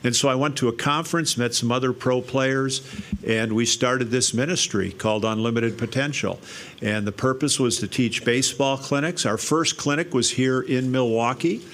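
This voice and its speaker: A man's voice: medium pitch, normal speed, fairly bright tone. An older man telling his life story to an audience, animatedly acting out the voices in his quotes. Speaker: speaker sharing his testimony.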